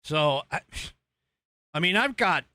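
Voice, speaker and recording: An American man hosts a political podcast and rambles over video clips he plays, stopping often for fillers and restarts. His voice is bright and sits a little high for a man. He talks slowly, and the recording is dry and close. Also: lively intonation, dry recording. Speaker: podcast host. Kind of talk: casual political commentary.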